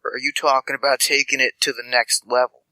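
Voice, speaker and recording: A man's voice: medium pitch, flat delivery, fast talker, pushed and bright, no echo, poor audio. A man voicing a scatterbrained, spindly male street informant who rambles and stammers affectionately. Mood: rambling.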